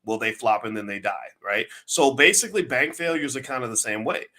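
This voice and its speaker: A man giving an emphatic, preachy talk on finance, firing rhetorical questions and rising to near-shouts. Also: medium pitch, animated, fairly quick. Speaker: finance commentator.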